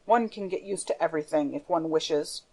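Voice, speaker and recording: A woman's voice: low voice, moderate pace, a little mellow, pitched below the performer's own voice, low-quality recording. A woman reading the part of a menacing masked male phantom, with a theatrical, darkly playful manner. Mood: brooding.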